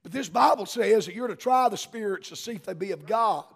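A middle-aged man, preaching a sermon as a pastor and building to fervent shouting. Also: high voice, animated, a little fast, gravelly, husky.

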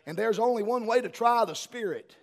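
A middle-aged man, preaching a sermon as a pastor and building to fervent shouting. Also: high voice, a little fast.

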